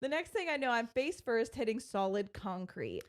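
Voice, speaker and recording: A woman's voice: a little high, animated, normal speed. A woman streamer reading a funny story aloud to friends in casual chat, giggling often.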